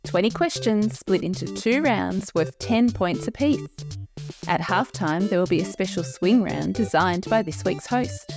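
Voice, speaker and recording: A woman voicing a game-show announcer in a put-on American accent, reading the rules in a crisp scripted way. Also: medium pitch, animated, a little slow. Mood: announcing. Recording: music bed behind voice. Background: music.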